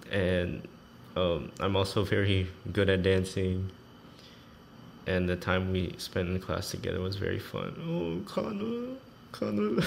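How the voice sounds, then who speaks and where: A man with a low voice reads farewell notes aloud in casual chat, mixing Korean phrases into his English. He laughs often yet turns emotional and teary, with a little hiss or hum in the background.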